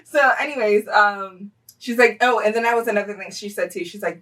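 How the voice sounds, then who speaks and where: A chatty young woman tells a story-time vlog, her voice bright and forward. She leans on fillers and laughs often, and she sits a little back from the mic. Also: mid-range voice, brisk, far from the mic, low-quality recording. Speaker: vlogger telling a personal story.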